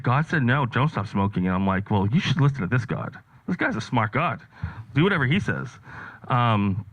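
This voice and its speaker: A man's voice: mid-range voice, a bit bright, dry recording, lo-fi sound. A man performing a stand-up set, telling stories in a rambling, offhand way with lots of fillers. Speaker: stand-up comedian.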